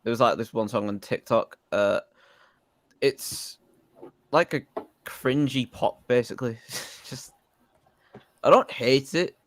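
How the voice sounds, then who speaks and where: A man as guest co-host on a music reaction stream, measured and technical in casual chat. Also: medium pitch, no room sound.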